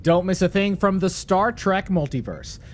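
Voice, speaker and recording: A man hosting a live podcast, reading the closing announcements in a brisk, loose way. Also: high voice. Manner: brisk, loose, goes off script. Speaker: podcast host. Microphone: video call.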